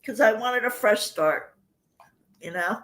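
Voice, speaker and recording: This is an older woman chatting on a livestream with a high, very animated voice. She talks casually and rambles as she tells personal stories. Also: measured pace. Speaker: livestream host. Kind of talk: casual chat with viewers.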